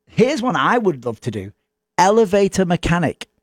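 An English man co-hosting a radio show, talking in a relaxed, jokey way. His voice sits a little high for a man. The studio sound is close and dry. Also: dry recording. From England. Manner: chatty, jokey, does quick voices. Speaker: radio host. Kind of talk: casual radio chat.

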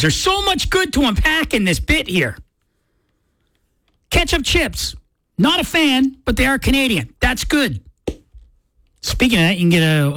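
Chatty woman radio host, lively. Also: on the high side, no room sound. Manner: chatty storytelling, playful. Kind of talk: casual radio chat. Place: radio studio.

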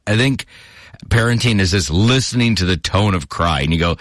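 Animated, chatty radio host. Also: male voice, lowish voice, no room sound. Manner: chatty and animated, laughing, acting out quick voices in anecdotes. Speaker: radio morning show host. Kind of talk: casual on-air chat. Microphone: studio microphone.

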